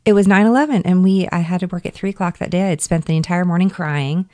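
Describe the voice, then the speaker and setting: A woman's voice: fairly low pitch, fast talker, darkish tone. A woman guesting on a casual podcast chat, earnest and emphatic as she tells her stories. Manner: earnest, emphatic retelling of past exasperation.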